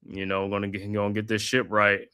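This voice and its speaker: Man calling play-by-play, bright tone. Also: on the low side, brisk, smooth. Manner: steady play calls, casual slang asides. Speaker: host. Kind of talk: live play-by-play commentary.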